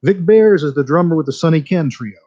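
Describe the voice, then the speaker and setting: A male musician guest chats on a radio show, easygoing and relaxed as he tells stories. His voice is warm and dark, and the broadcast sound is dull and lo-fi. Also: on the high side, brisk. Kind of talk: casual radio interview. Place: radio studio.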